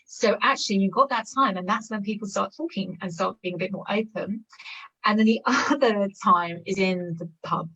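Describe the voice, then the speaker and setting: A woman talks casually in a live online Q&A, chatty and quick to laugh, leaning on little fillers. Her voice sits mid-range. It comes through a dull, muffled, lo-fi call line. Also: mid-range voice, a bit bright, slightly rough. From London, England. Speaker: guest speaker on British culture.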